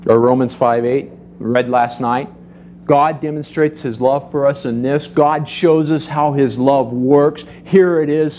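A middle-aged man preaching a sermon to a congregation, telling stories in a lively way and acting out the voices in them. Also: fairly high pitch, a little hiss or hum. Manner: animated storytelling, acts out voices. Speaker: pastor.

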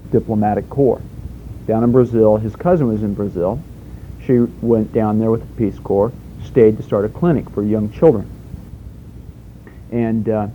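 A man delivers a sermon as if chatting with his listeners, with rhetorical questions and everyday stories. His voice is deeply mellow and dark, and a faint low rumble sits underneath it. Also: poor audio. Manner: conversational preaching with rhetorical questions and homespun stories. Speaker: preacher.

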